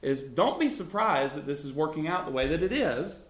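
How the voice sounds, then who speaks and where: A man's voice: fairly high pitch, lively intonation, moderate pace, roomy sound. A man leading a Bible study in a conversational teaching style, chuckling often and talking loosely with fillers.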